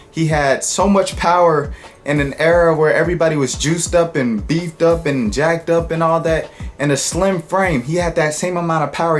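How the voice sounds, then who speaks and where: A man talking casually to camera about sports, chatty and joking with quick asides. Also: on the high side. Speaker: sports vlogger.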